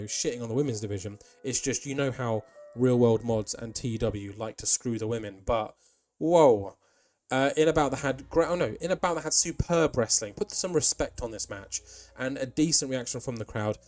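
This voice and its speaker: A man's voice: medium pitch, darkish tone. A young man giving rambling casual commentary over a wrestling management game, with plenty of ums and asides. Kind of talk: casual let's-play commentary.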